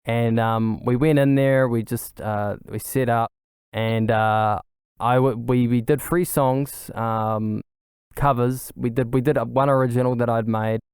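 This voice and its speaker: A young man chats on his own, eager and rambling, looping back through fillers and restarts. His voice is smooth and clear, recorded close and dry with no room sound around it. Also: mid-range voice, fairly even intonation, a little slow, darkish tone, dry recording. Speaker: podcast host. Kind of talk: casual solo chat.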